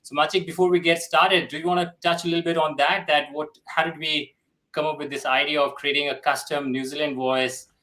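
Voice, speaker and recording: A man's voice: fairly high pitch, flat delivery, a little fast, sharp tone, rough recording. A man co-hosting a casual webinar, talking hesitantly with many fillers over a video call. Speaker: solutions architect and co-host.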